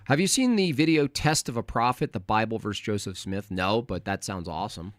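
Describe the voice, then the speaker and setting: A man hosting a live stream, ranting in a mocking, crude and animated way. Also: fairly low pitch, fairly quick, dry recording, clean studio sound. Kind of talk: casual live stream rant.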